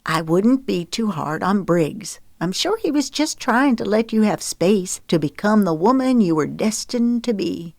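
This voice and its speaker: A woman's voice: mid-range voice, lively intonation, unhurried, vocal fry, hardly any pauses, darkish tone, no room sound, clean studio sound, pitched above the performer's own voice. Woman voicing Bertie, a blunt mother. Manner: frank, coaxing, plainspoken. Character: blunt, doting middle-aged mother.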